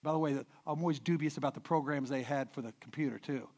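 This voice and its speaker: A middle-aged man preaching a sermon, telling stories with many restarts and repeated words, dropping quiet and then swelling loud for emphasis. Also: medium pitch, fast talker. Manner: animated storyteller, swings from hushed to loud emphasis. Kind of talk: sermon with anecdotes.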